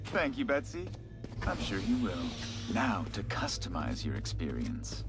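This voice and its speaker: A flamboyant stage illusionist in a video game, swooping through a lively pitch range with grand announcer flair. He speaks slowly and with show, over clear game music. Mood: smooth. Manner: grand, showy announcer delivery. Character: theatrical adult male illusionist, showman. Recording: game audio with music underneath.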